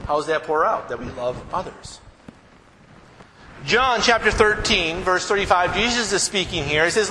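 A man preaching a sermon as pastor, animated and often checking in with his congregation. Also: high-pitched, moderate pace, in a large hall, a little hiss or hum, low-quality recording.

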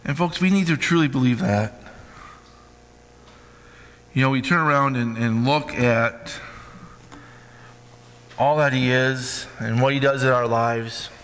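Bright-toned preacher in echoing sanctuary. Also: male voice, mid-range voice, unhurried, long pauses. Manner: emphatic call-and-response preaching. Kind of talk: sermon.

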